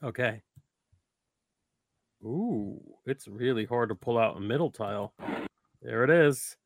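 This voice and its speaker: A man's voice: mid-range voice, a little slow, no room sound, clean studio sound. A man playing a tabletop horror game, talking casually and chattily with lots of "like". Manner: lively, chatty, full of "like". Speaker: player. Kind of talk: casual role-play chat.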